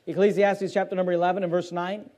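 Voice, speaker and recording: A male preacher with a very high voice delivers a forceful, emphatic sermon. He reads scripture in quieter stretches, then rises again to drive his points home. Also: flat delivery, quick pace. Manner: forceful, emphatic, shifts between loud preaching and quieter reading. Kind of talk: fiery sermon with scripture reading.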